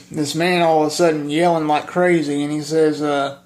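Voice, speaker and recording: A man vlogging casually about his favorite film, halting with lots of filler pauses and plainspoken. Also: fairly high pitch, level tone, darkish tone.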